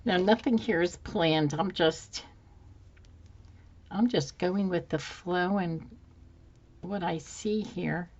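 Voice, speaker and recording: Slow, soft-spoken woman crafting. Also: fairly low pitch, muffled recording, slight background noise. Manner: soft-spoken, musing aloud while working. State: slightly hoarse, losing her voice. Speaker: craft channel host. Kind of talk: casual craft tutorial chat.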